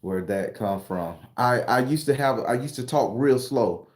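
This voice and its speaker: A middle-aged man from South Carolina, casually telling stories and answering viewer comments on a livestream in a loud, profane, laughing way. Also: mid-range voice, measured pace. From South Carolina, USA. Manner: animated, profane, laughing storyteller. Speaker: YouTube tarot reader and storyteller. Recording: roomy echo.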